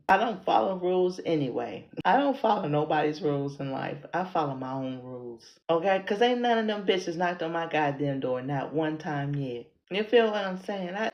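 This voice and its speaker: A woman's voice: low-pitched, lo-fi sound. Blunt, profane American woman in a roomy space. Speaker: podcast host and content creator. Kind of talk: casual solo monologue. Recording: roomy echo.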